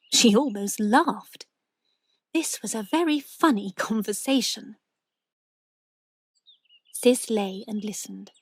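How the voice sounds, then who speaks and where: A woman narrating a story slowly and clearly for English learners. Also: mid-range voice, no room sound. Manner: slow, clear, even. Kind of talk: slow reading for English learners.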